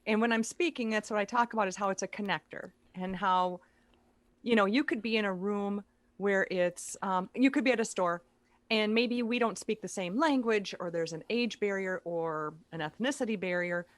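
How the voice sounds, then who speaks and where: A woman guest speaker chatting on a podcast. She tosses in quick, playful jokes at a middling pitch. Her voice sounds dry and close. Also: no echo. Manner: playful, quick comic quips. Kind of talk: casual chat.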